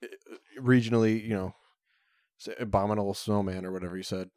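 A man's voice: fairly low pitch, steady tone, fast, darkish tone, no echo, studio quality. A man co-hosting a podcast, chatting casually, rambling with many fillers and restarts. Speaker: podcast co-host. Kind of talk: casual chat.

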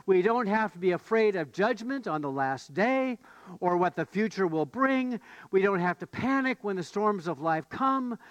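A man's voice: sits high, a bit bright, no echo. A man preaching a sermon as pastor, telling stories and building to emphatic questions. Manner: storytelling, rising to emphatic questions.

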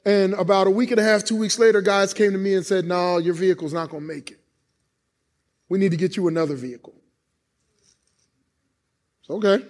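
A man's voice: high voice, fairly even intonation, a little fast, long pauses, darkish tone. A middle-aged male pastor preaching in church, telling personal stories with emotion and voicing God's replies. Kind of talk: sermon. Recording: long church hall reverb.

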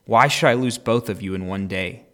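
A man's voice: on the low side, normal speed, sharp tone. A man reading as an urgent worried mother. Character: worried mother warning her son.

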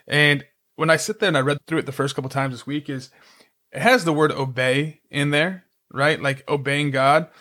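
A man's voice: a little high, a bit bright. A middle-aged man co-hosting a Christian parenting podcast, talking earnestly and rambling a bit, with self-deprecating jokes. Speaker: podcast co-host.

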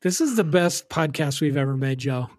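A man with a slightly high voice co-hosts a casual podcast, teasing in a deadpan way. He is recorded dry and close. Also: no echo. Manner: deadpan, drawls names slowly. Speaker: podcast co-host. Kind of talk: casual chat.

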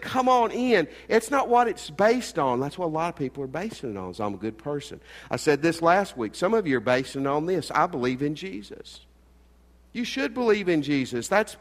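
A middle-aged man preaching a sermon as pastor, earnest, swinging between loud emphasis and quiet asides. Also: fairly high pitch. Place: church sanctuary. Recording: long hall reverb.

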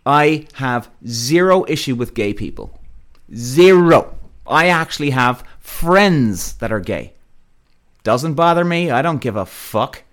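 A man telling a story in a blunt, profane way. His pitch swings up and down a lot, so the telling sounds animated and expressive. He talks in a loose, casual, unscripted style. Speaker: podcast host.

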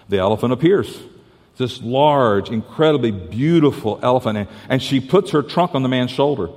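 Earnest preacher in a reverberant hall. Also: male voice, mid-range voice, animated, moderate pace. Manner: earnest, repeats and restarts, drops to soft tones for the story. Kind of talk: sermon with storytelling.

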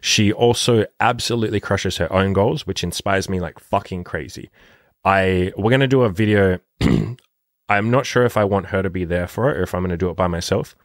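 A man's voice: low-pitched, dry recording, clean studio sound. A man who works as a dating coach, talking casually and emphatically on his podcast with a lot of swearing. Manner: profane, emphatic, rapid-fire.

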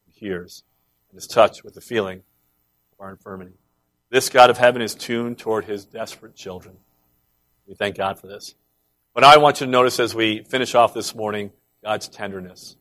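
A man preaching a sermon, emphatic, swinging between loud, urgent passages and hushed ones. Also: mid-range voice.

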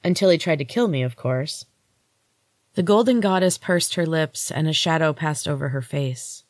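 A woman host reading a first-person story in a steady, unhurried way. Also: low voice, no room sound, clean studio sound. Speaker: podcast host and story reader.

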